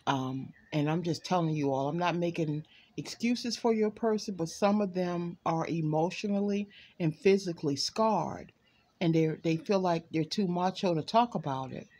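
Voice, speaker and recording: A woman's voice: fairly low pitch, moderate pace, warm tone. A woman giving a candid, chatty tarot reading at home, often stopping to talk to her pet and laughing. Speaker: tarot card reader. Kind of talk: casual tarot reading livestream.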